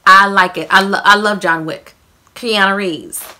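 This is a woman with a Southern US accent, gushing to her audience in a casual monthly favorites vlog. Her voice sits at a middle pitch with a bright, forward edge. She talks in a loose, chatty way and keeps calling her viewers y'all. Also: steady tone, measured pace. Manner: chatty and exuberant, addresses viewers as y'all and fam. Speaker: beauty vlogger.

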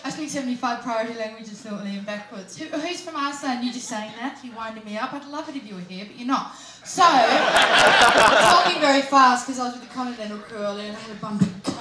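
A woman's voice: a little high, fast talker. A woman comedian playing a flight attendant on a club stage, teasing and swearing at the audience in brash live stand-up banter. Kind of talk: live stand-up crowd work. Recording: echoey club with loud crowd noise. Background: loud audience laughter.

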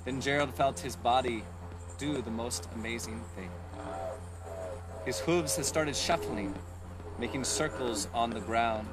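A man leading an online music lesson for children outdoors, reading a storybook in a lively, encouraging sing-song voice and guiding a dance. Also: mid-range voice, measured pace, pauses often, noisy background. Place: outdoors in a park. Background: music playing.

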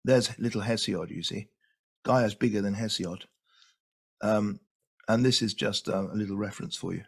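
A man's voice: on the low side, steady tone, normal speed, creaky, husky. A man lecturing eagerly, repeating words for emphasis as he walks through his slides. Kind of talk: illustrated lecture.

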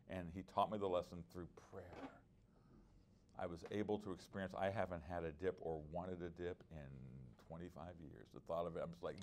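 A man's voice: low-pitched, steady tone, brisk, a little mellow, slight background noise. Earnest middle-aged male preacher. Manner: earnest, conversational, with many restarts and personal stories. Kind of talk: conference workshop teaching.

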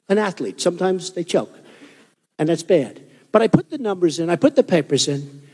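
A man's voice: high-pitched, darkish tone. A man in his sixties giving a boastful, rambling campaign rally speech in a hot hall. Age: 60s. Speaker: political candidate. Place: hot indoor hall with a crowd. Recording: reverberant hall with crowd noise.

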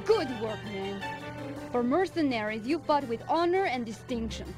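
An actress voicing a firm police inspector who speaks in a commending tone. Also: female voice, a little high, expressive, normal speed, darkish tone, faint music behind, natural voice. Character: stern police inspector woman, proud and firm.

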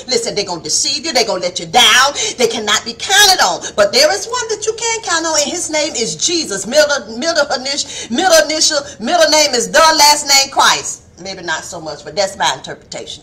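A woman preaching a fiery devotional sermon, calling listeners baby and rising to shouts. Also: sits high. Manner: acts out soft and stern quoted voices.

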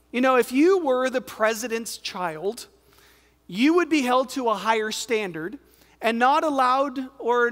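A pastor with an American accent and a very high, fairly bright voice delivers a sermon in a reverberant hall. He's emphatic but conversational, addressing questions to the crowd.

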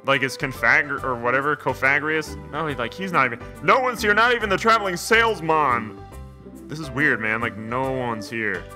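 A man's voice: medium pitch, moderate pace, music in the background. A young man giving casual, jokey commentary while playing a video game, rambling with lots of "like" and "man". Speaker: video game let's player.

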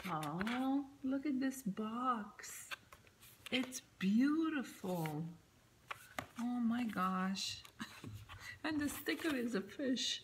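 A woman vlogging as she unboxes gifts, gushing over each one and often dropping to a soft whisper. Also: mid-range voice, background noise. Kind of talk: unboxing chat to camera. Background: background music.

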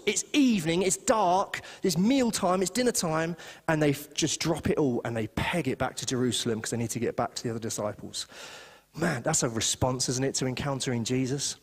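A man preaching a sermon as pastor, chatty and animated, slipping into little voices for the people he quotes. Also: fairly high pitch, brisk, slightly rough, long reverb tail. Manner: animated, conversational, acts out quotes. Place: church hall.

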